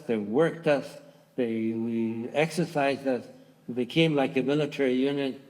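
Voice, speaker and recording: An elderly man in his nineties gives spoken testimony from a theatre stage. His mid-pitched voice is halting, with restarts, and grows louder when he quotes others. A long reverb from the hall trails behind each phrase. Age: 90s. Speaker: Holocaust survivor giving testimony. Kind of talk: personal testimony to a large audience.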